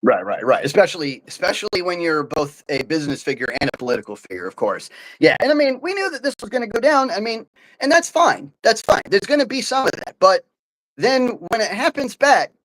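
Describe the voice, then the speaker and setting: A man hosting a live political talk show, speaking in an animated, opinionated way with many fillers and restarts. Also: high voice, a little fast, rough recording. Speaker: podcast host.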